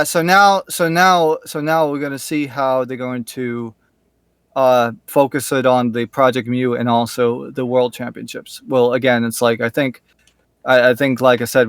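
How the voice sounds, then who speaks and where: A man co-hosting a casual fan podcast, excitable, often repeating and restarting words. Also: medium pitch, clear, resonant tone, dry recording, studio quality. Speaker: podcast co-host. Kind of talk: casual podcast chat about an anime dub.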